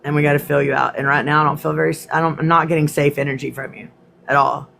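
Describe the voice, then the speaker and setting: A woman hosting a casual livestream, greeting commenters by name and swearing freely, her voice slightly hoarse. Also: sits low, level tone, fast, a bit bright, faint music behind. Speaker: livestream host. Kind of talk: casual livestream chat and reading her own poems.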